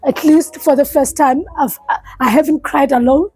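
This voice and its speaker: A South African woman, a life coach, giving an earnest, halting personal testimony in a support session and often repeating herself. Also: high-pitched, steady tone, a little mellow, no echo, rough recording.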